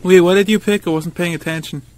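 A young man trades jokes while racing in a video game, his voice pitched well above most men's. He swears freely and jumps into excited shouts. A faint hiss runs beneath the recording. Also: quick pace. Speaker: gaming video co-host. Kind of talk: casual gameplay commentary.

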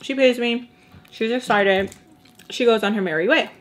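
Speaking at a normal speed with a fairly high pitch, this young woman eats while narrating a lengthy storytime. As a makeup artist, she keeps it chatty, imitates others' lines, and drops Spanish slang.

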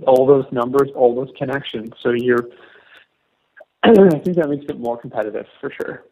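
A man's voice: mid-range voice, measured pace. A man from Canada, a musician, answering interview questions casually in a rambling way with many fillers and restarts. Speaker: musician guest. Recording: dull lo-fi line.

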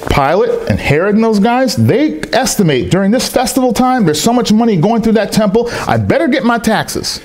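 Animated man preaching a sermon. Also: high voice, normal speed, few pauses. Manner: animated storytelling preacher, acting out quoted voices. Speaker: pastor. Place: church service in a rented hall.

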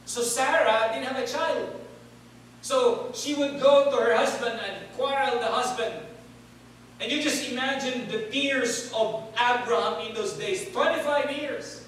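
A man's voice: very high voice, measured pace, fairly bright tone, slight background noise. A male preacher giving a sermon, calling on the congregation to answer back and repeat words. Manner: call-and-response, asks congregation to repeat words. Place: church hall. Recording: echoey hall from far off.

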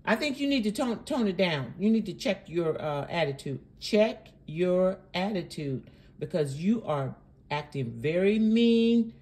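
A woman's voice: lowish voice, sing-song, unhurried, darkish tone. A woman hosting a reaction channel, commenting sarcastically and indignantly on a preacher's clip.

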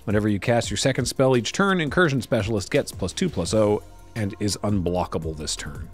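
A man's voice: on the low side, fairly quick, soft background music. A man hosting a casual card pack review, reading card text aloud and making wry asides. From Canada. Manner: lively, wry, reads card text aloud then riffs. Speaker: host opening card packs.

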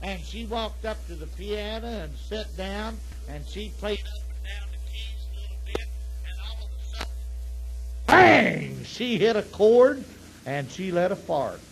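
Man, tipsy, profane, rambling jokes, high voice, faint tape hiss. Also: animated, moderate pace, darkish tone, low-quality recording. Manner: rambling, profane, repeats himself. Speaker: stand-up comedian. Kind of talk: profane joke-telling.

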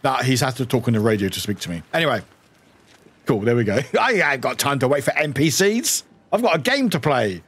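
A man's voice: mid-range voice, big pitch swings, brisk, slightly rough. A man from the UK streaming a game, chatting casually, giggling and joking at his own expense. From United Kingdom. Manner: giggly, self-mocking.

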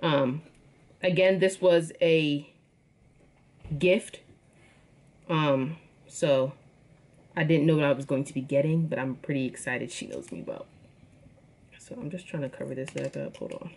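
A chatty woman with a slightly low voice, showing off gifts to her viewers. She talks casually and calls them y'all. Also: animated, a little slow, pauses often, a little mellow. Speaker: vlogger. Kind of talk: casual unboxing chat.

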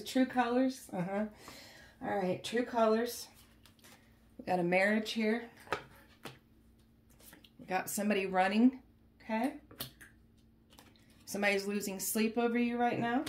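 A woman reads tarot for her followers in a loose, chatty way, tagging "okay?" and "guys" onto her thoughts. She sounds emotionally shaken and holds back tears. Her voice sits at a middle pitch and bounces around an echoey room at home, with faint noise behind her. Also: normal speed, long pauses, a little mellow. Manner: chatty, often ends phrases with "okay?" and "guys". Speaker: tarot reader. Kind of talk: casual tarot reading to camera. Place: indoors at home, with a cat nearby.

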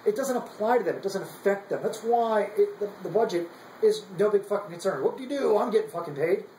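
A man's voice: high-pitched, animated, a little fast, warm tone. Young enlisted man, heated and profane, restarts his lines, a light hiss under a roomy echo. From United States. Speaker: active duty service member. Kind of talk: angry political rant.

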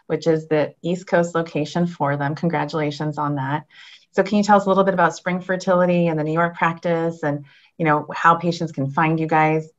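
A woman's voice: low voice, highs cut off. A woman hosting an interview show, upbeat as she reads out her guest's bio and asks questions. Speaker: podcast host.

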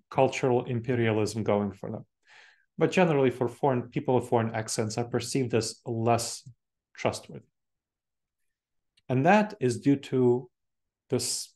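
A man's voice: mid-range voice, a little mellow. A man in his forties with a Moldovan accent, giving an explanatory presentation, repeating key points and often correcting himself mid-sentence. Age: 40s. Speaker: speaker. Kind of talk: presentation talk.

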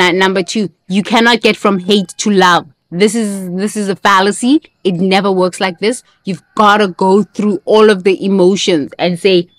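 Recorded in studio quality with no echo, a woman with a medium-pitched voice hosts an emphatic self-help monologue. She drives home key phrases by repeating them and sometimes bursts into playful sing-song chants to motivate listeners.

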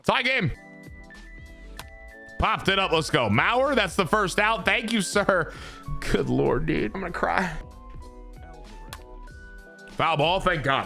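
A young man giving live gameplay commentary as a streamer, excitable and self-mocking, swearing freely. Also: high-pitched, measured pace, vocal fry, pauses often, faint music behind. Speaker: gaming streamer.

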